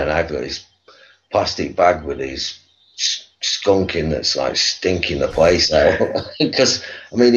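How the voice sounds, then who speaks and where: A man telling a long rambling anecdote as an interview guest, chuckling and full of fillers. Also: sits low. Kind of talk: anecdotal storytelling. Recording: dull lo-fi recording.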